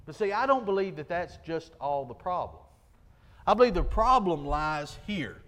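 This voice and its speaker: High-voiced preacher, earnest. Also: male voice, big pitch swings, normal speed, fairly bright tone. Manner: earnest, rhetorical questions, folksy grammar. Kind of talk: sermon.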